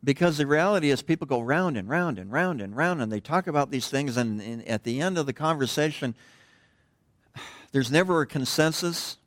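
Middle-aged male pastor, relaxed conversational sermon, rambly asides, trails off quietly, dry close sound. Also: a little high, normal speed, dry recording. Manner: digressive, drops to a hush at phrase ends. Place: church.

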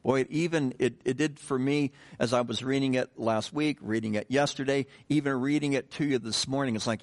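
A man's voice: medium pitch, fairly quick, hardly any pauses. A middle-aged man preaching a sermon, reading scripture and praying, then talking in a loose, conversational way with restarts and joking asides. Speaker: pastor.

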